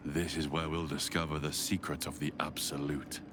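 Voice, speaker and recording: A man's voice: very deep voice, level tone, moderate pace, over music. A man playing a grim, determined adventurer who speaks solemnly. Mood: resolute.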